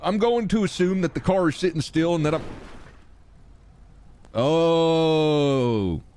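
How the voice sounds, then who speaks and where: A man's voice: fairly high pitch, slow, a little mellow. A man in character as a police chief in a role-play, talking in a rambling, bemused way.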